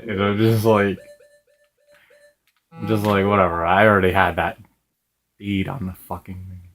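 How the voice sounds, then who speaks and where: A man's voice: on the low side, lively intonation, slow pace, pauses often, a bit bright. A young man casually telling a rambling, profane story while playing a video game, laughing now and then. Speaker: gaming video host.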